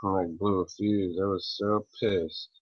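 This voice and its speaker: A man rants at length and swears freely, clearing his throat as he goes. His voice sits low and his delivery drags slowly. The sound is dull and lo-fi, with a dry, close feel. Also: fairly even intonation, no room sound. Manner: profane, rambling, with frequent throat clearing. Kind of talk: casual angry rant to camera.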